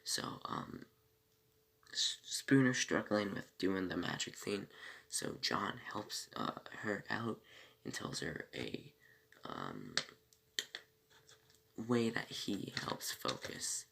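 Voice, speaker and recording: A man's voice: low-pitched, very animated, slow pace, vocal fry, pauses often, bright, forceful tone, slightly rough. A man casually recapping a TV episode, rambling with many fillers and self-corrections and breaking off for small asides. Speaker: TV episode reviewer.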